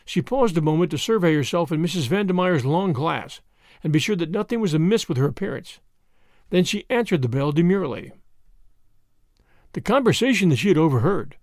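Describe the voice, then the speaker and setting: A man narrating a novel with expressive storytelling. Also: high voice, no room sound, clean studio sound. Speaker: audiobook narrator. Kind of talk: scripted narration.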